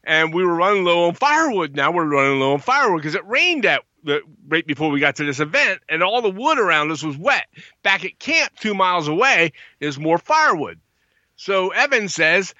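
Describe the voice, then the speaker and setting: Animated man telling a campfire story. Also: a little high, moderate pace, no echo, lo-fi sound. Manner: animated, acts out quotes in a raised voice. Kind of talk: casual storytelling.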